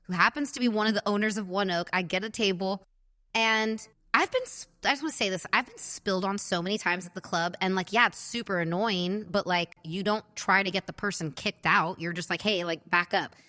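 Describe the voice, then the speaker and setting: A bright, forceful woman in her thirties chats casually as a podcast host and acts out the people in her stories with animated bursts. Her voice rings in a space with a long reverb tail. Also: medium pitch, a little fast. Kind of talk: casual storytelling chat.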